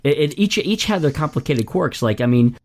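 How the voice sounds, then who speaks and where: A man's voice: a little high, expressive, a little fast. Easygoing man in a podcast chat. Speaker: podcast co-host. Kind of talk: casual chat.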